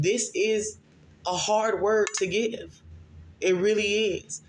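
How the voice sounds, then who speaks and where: A man delivering a prophetic sermon, reading scripture slowly and pausing often to ask "okay?". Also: high voice, steady tone, a little hiss or hum. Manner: frequent checking "okay?" asides, slow deliberate scripture reading. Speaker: self-described prophet and messenger.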